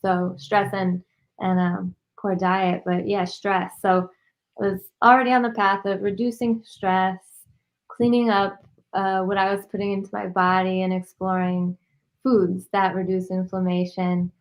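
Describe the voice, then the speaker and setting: A woman's voice: mid-range voice, little pitch movement, measured pace, poor audio. Give me a woman with a mid-range voice as a podcast guest, chatting thoughtfully. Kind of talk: casual chat.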